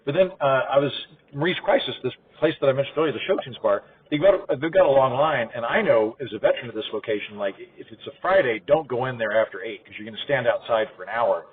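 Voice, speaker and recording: Fast-talking man telling stories. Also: medium pitch, slight background noise. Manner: quick, animated storyteller. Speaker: podcast guest, comedian. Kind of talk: casual storytelling in a car. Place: inside a car, passenger seat. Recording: tinny phone-like car recording.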